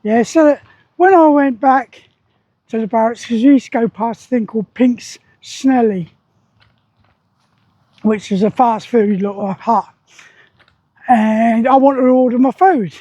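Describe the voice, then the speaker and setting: A man in his sixties talks in a rambling, plain-spoken way, with a strikingly high voice. His tone is soft and mellow. The sound is dry and a little dull and muffled, recorded outdoors. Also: unhurried, pauses often, no room sound. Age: 60s. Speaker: army veteran vlogger. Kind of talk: casual spoken vlog. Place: outdoors beside a loud weir.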